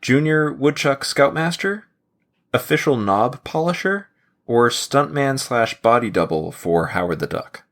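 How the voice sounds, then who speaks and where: Speaking a little slowly in a mid-range voice, a man hosts trivia on a casual podcast. His manner is playful and full of laughter, in the animated way of a quizmaster.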